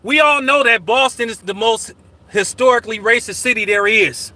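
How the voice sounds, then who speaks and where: A man's voice: extremely high pitch, moderate pace, sharp tone. A man hosting his own channel in casual livestream talk, profane and combative. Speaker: channel host.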